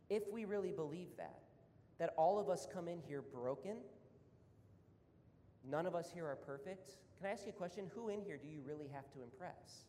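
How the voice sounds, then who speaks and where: High-voiced preacher man in a reverberant hall. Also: animated, normal speed, mellow. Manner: conversational, rising to fervent emphasis. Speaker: pastor. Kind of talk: sermon. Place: church hall. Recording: roomy hall reverb, faint rumble.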